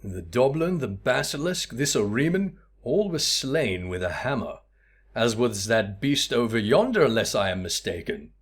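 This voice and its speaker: A man putting on a pompous gentleman inspector. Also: medium pitch, sing-song, moderate pace, slightly rough. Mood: dramatic. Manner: grandiose, old-fashioned formal speech.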